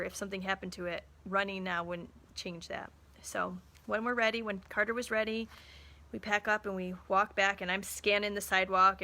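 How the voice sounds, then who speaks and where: Chatting live with viewers, a woman in her thirties, a mother who runs a small business, tells a story and acts out bits of dialogue. Her mid-range voice sounds bright and forceful.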